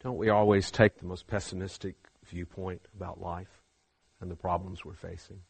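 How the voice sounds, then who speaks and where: A man preaching a sermon, swinging from hushed, slow passages to loud, fervent ones. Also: low-pitched, flat delivery, creaky, husky, dry recording.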